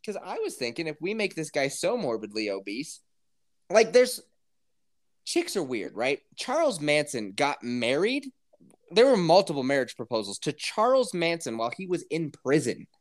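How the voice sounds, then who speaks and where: Animated, crude-talking male podcast host. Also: on the high side, moderate pace. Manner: crude, laughing, acts out other people's lines. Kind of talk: casual podcast storytelling.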